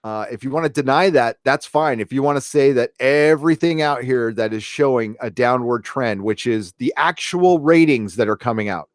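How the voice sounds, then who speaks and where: Middle-aged American man, livestream host; casual, profane ranter, mid-pitched, dry close sound. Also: normal speed, hardly any pauses, no echo. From United States. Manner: ranting, casual, profane, many fillers and restarts. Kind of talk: livestream commentary and reading viewer chat.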